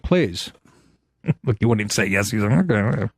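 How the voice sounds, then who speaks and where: A man hosting a podcast in casual chat, telling stories with swearing and quick impressions. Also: on the low side, lively intonation, no room sound, clean studio sound. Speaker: podcast host.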